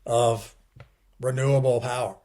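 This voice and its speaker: A man's voice: medium pitch, level tone, unhurried, warm tone. A middle-aged man being interviewed, talking casually with many restarts and wry chuckles at grim points. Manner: rambling, digressive, frequent restarts and "you know". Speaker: guest.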